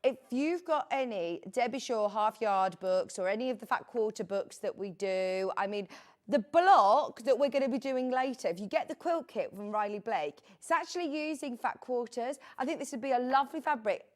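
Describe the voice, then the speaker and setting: A chatty woman hosting live TV sales, her voice sitting a little higher than most. She rambles warmly off topic with asides to the viewers before circling back to the product. Middle-aged and relaxed, she keeps an easygoing conversational flow. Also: normal speed. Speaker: shopping channel presenter.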